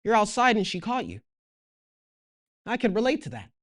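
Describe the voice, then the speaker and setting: A woman's voice: mid-range voice, sing-song, normal speed. A woman with a Toronto accent teaches a casual Bible lesson. She reads the old scripture aloud, then retells it in everyday slang. Her voice sits mid-range and moves up and down a lot. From Canada.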